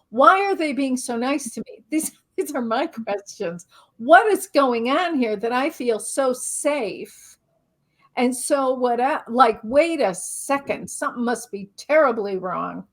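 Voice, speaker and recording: With a high-pitched voice, a middle-aged spiritual teacher and author recounts a lively story that mocks herself. She's an interview guest, and she acts out what she was thinking.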